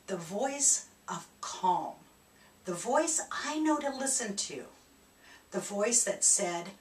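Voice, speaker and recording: A woman shares a reflective personal story as a spiritual speaker. Her delivery is animated, with laughs along the way. Her mid-pitched voice sits back from the mic in a roomy, echoing space. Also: takes it slowly. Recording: echoey room, distant mic.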